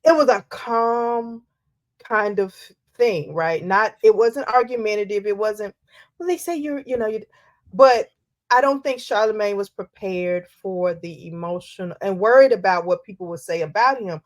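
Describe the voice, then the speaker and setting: A woman's voice: mid-range voice, normal speed. A woman co-hosting a casual chat podcast, telling stories with energy and acting out quotes. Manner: animated storytelling, acts out quotes. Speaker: podcast co-host.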